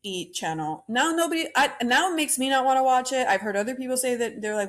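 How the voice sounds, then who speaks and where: A Cuban-American woman hosts a solo podcast, ranting bluntly about pop culture and swearing freely. Her voice is high-pitched and animated, moving at a quick pace with hardly any pauses.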